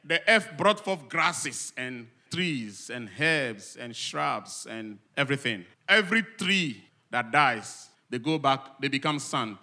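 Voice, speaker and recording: A man preaching a Sunday sermon to a live congregation. He asks the congregation questions and answers them himself, and he swings between loud, emphatic lines and soft, low asides. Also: very animated, takes it slowly, hardly any pauses. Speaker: pastor. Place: church service with a live congregation.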